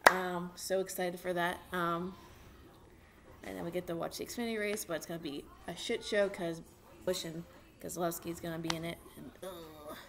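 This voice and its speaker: A young woman chats excitedly to her camera from home. She rambles with plenty of fillers, and her fairly low voice is gravelly. A faint background hum sits behind her. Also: moderate pace. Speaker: vlogger and racing fan. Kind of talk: casual chat to camera. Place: at home with a dog.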